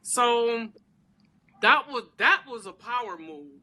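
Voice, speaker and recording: Bright, emphatic woman in casual chat. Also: a little high, slow pace. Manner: animated, emphatic, informal slang. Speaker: guest, celebrity crafter.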